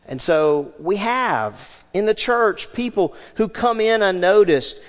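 A man preaching a sermon as pastor, animated, swinging between loud emphasis and hushed asides. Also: high voice, normal speed, hardly any pauses, in a large hall.

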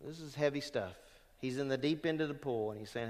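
Preaching briskly in a church sanctuary with big-room sound, a man serves as pastor. He delivers his sermon emphatically, getting louder on quoted verses and quieter at phrase endings while calling questions to the congregation.

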